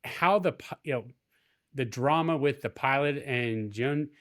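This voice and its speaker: A man co-hosting a casual chat, asking questions in a friendly, halting way and laughing easily. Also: mid-range voice, fairly bright tone.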